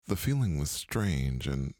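A man narrating a mystery story in a slow, hushed way, sometimes dropping to a whisper, over faint music. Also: very deep voice, sing-song, no room sound. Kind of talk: scripted audio drama narration.

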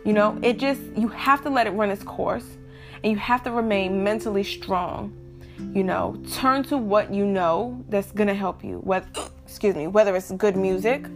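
A young woman talks openly and plainly to her audience in a casual vlog, her voice in an ordinary middle register. She keeps breaking off for hiccups. A soft guitar plays faintly behind her. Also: medium pitch. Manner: candid, talks straight to viewers. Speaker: vlogger. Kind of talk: casual talk to camera.

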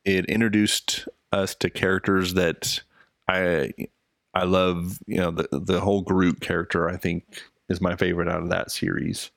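A man co-hosting a casual film podcast, talking in a halting way with many restarts. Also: low-pitched, flat delivery, gravelly, a bit bright, no room sound, studio quality. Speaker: podcast co-host.

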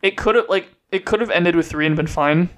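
Brief: young male podcast co-host, high voice, jokey, swears a lot. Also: moderate pace, fairly bright tone. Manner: joking, swears freely, laughs often. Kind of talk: casual chat.

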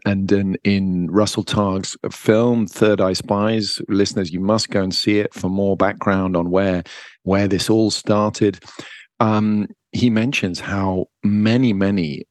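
A man hosting a podcast interview, asking measured questions with some hesitation and fillers. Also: lowish voice, darkish tone, dry recording, studio quality. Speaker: podcast host.

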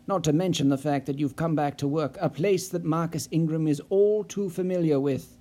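Stern investigator, clipped and commanding, read by a man in a slightly high, mellow voice. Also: normal speed, lightly acted. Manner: clipped, cold and authoritative. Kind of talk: audiobook character voice.

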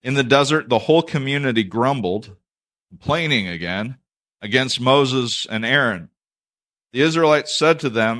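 A man's voice: medium pitch, lively intonation, moderate pace, a bit bright. A man preaching a sermon, reading scripture aloud and breaking off into conversational, self-deprecating asides. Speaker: pastor.

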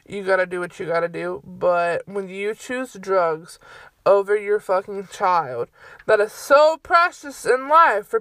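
A woman's voice: mid-range voice, fairly bright tone, no echo. Fired-up, cursing woman ranting. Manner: heated, profane, exasperated. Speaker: solo podcast host. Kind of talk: casual ranting monologue. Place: bedroom at home.

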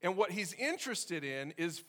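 A man preaching a sermon to his congregation, conversational and energetic, with sudden loud bursts. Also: high voice, normal speed. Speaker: pastor.

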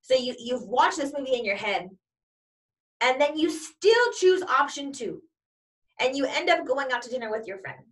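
Brief: woman motivational coach, fairly high voice, emphatic and repetitive, mic set a little back. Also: animated, normal speed, a bit bright, distant mic. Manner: emphatic and repetitive, piling up examples. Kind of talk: motivational talk.

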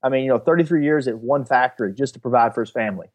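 An earnest man co-hosting a casual podcast chat, reflecting out loud on his thoughts. His voice sits at an ordinary middle pitch. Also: very fast. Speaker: podcast co-host.

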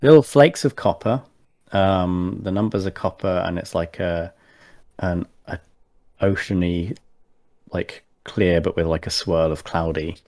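A man with a very low voice talks casually about tabletop games. He hesitates often, piling up fillers and restarting his sentences as he thinks aloud. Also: unhurried, a little mellow. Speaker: podcast guest.

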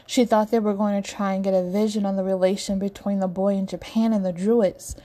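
Woman narrator, storybook reading, mellow dark tone, steady delivery. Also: mid-range voice, brisk.

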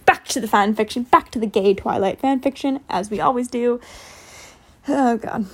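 Sarcastic young woman with a high voice. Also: brisk. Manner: sarcastic, swears, animated asides. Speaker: comedic reader. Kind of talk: comedic fan fiction reading with commentary.

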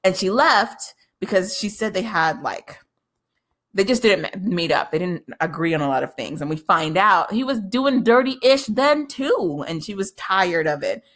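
A woman's voice: medium pitch, animated, measured pace, fairly bright tone. A woman giving a casual, chatty recap of a TV episode, swearing freely and laughing as she talks. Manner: chatty, profane, laughs often.

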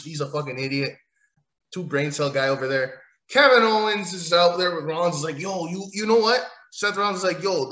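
A man's voice: high-pitched, pushed and bright. A man giving a rambling, sarcastic, profane recap of a wrestling show. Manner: sarcastic, rambling, swears often. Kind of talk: casual profane rant recap. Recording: echoey room.

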